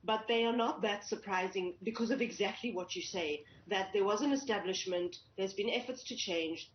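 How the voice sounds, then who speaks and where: A woman journalist talks through the news in a measured, thoughtful way, often restarting a phrase. She sounds like she is in an echoey room on a slightly dull remote line, with a faint hiss underneath. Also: mid-range voice. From South Africa. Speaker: cricket journalist. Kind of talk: news analysis interview.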